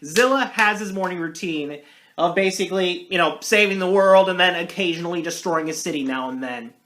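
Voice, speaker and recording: An excitable reviewer talks through a film in a loose, off-the-cuff monologue. Loud bursts of hype give way to quiet, mumbled asides, and the talk wanders through self-corrections. The jokes are often aimed at the speaker. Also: mid-range voice, brisk. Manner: energetic and rambling, with big jumps between loud hype and muttered asides. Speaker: movie reviewer. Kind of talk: casual movie review monologue.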